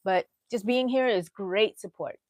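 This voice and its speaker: A woman's voice: mid-range voice, unhurried, darkish tone, no echo. A middle-aged woman, hosting a casual crochet livestream, rambling and chatting with viewers as she works.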